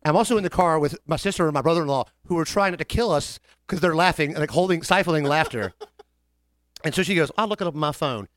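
A man's voice: a little high, expressive, fast, fairly bright tone, dry recording, clean studio sound. A man telling a long funny story in casual chat, acting out the voices of people in it.

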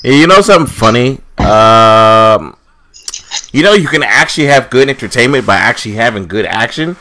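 A man's voice: medium pitch, expressive, moderate pace, bright, forceful tone. A man ranting angrily on a casual podcast, swearing often as he complains. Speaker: podcast co-host.

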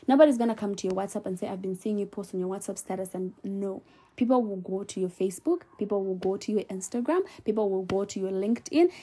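A woman in her early twenties hosting her own podcast, talking casually and giving animated, playful advice. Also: medium pitch. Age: 20s. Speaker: podcast host. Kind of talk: casual solo podcast talk.

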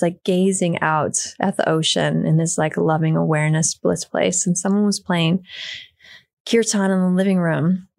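A woman's voice: fairly low pitch, creaky, dry recording, studio quality. A middle-aged woman, a podcast guest, telling a personal story in casual conversation and acting out the people she quotes. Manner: lively storyteller, acts out quoted voices. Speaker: podcast guest, yoga teacher and therapist.

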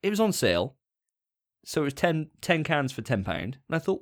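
A man trading easy banter on a podcast, his pitch rising and falling freely as he talks. He jokes at his own expense in a dry, relaxed way, and his voice sits at an ordinary middle height. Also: brisk. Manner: dry, self-mocking banter. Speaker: podcast co-host. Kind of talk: casual chat.

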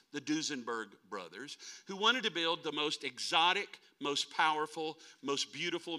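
A man in his sixties from North Dakota, a traveling preacher giving a folksy, animated sermon and calling on the congregation to answer back. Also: medium pitch. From North Dakota, USA. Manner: folksy, animated, calls on the crowd to respond.

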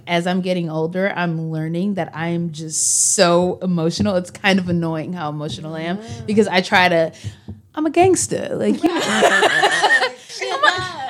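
A young woman co-hosting a podcast, chatting openly about her feelings, laughing often and joking about herself. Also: fairly low pitch. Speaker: podcast co-host. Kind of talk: casual chat.

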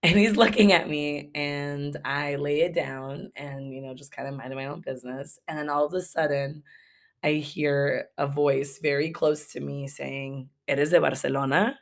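A young woman from Los Angeles hosts a podcast, recounting a travel story in a casual story-time monologue that's candid and profane. Her voice is low, with fairly even intonation and a measured pace.

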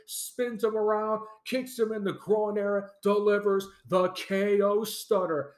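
Excited man hosting a podcast in an echoey room. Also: high-pitched, unhurried. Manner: enthusiastic, opinionated, laughs often. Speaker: podcast host. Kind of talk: solo fan podcast commentary.

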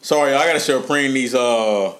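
A man's voice: mid-range voice, normal speed, a bit bright. A man hosting a casual podcast chat, laid-back and slangy, laughing often. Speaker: podcast host.

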